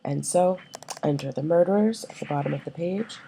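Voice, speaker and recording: A woman's voice: low-pitched, a little fast, vocal fry, warm tone, slight background noise, low-quality recording. A woman teacher giving a recorded class lecture, explaining with many fillers and checking that her listeners follow.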